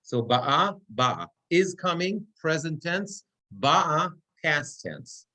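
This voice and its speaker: A man's voice: fairly high pitch, animated, slow pace, bright, forceful tone. A cantor teaching Torah reading in a classroom, explaining step by step and checking in with his students often. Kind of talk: classroom lecture. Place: synagogue classroom.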